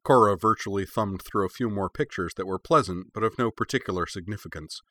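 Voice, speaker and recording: Guy reading a story out loud, lowish voice, dry close sound. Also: fairly quick, no echo. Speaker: narrator. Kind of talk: reading fan fiction aloud.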